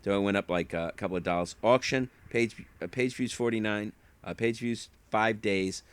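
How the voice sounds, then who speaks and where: A man's voice: lowish voice, moderate pace, smooth. A man chatting casually as an online reseller, rambling through stories and acting out what people said. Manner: rambling storyteller who acts out quotes. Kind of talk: casual chat.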